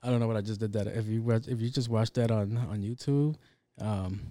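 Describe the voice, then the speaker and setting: A podcast host telling a story in a casual, rambling, profane and joking way, speaking into a studio mic. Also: male voice, fairly low pitch, fairly even intonation, a little fast, warm tone, no echo. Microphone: handheld studio mic.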